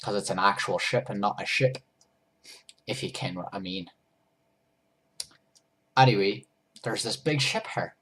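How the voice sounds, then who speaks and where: A man's voice: on the low side, measured pace, pauses often, a bit bright. A man narrating a goofy first-person story while he draws, rambling and breaking off to fix his drawing. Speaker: storyteller and drawer.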